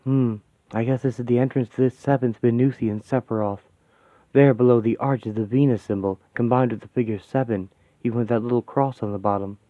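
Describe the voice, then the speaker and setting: A man plays an earnest, bookish young woman who walks others through symbols in a thoughtful, explaining manner. The voice keeps a middle pitch, and the sound is dry and narrow like a phone line. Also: steady tone, brisk, dry recording, natural voice. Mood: musing. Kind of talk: fan radio-play comic reading.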